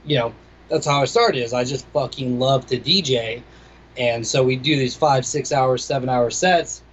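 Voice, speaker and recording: A man's voice: mid-range voice, normal speed, slight background noise. A young adult man, a DJ and producer, chatting casually in an interview, laid-back and rambling with plenty of swearing. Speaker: DJ and music producer, guest. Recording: slightly dull lo-fi audio.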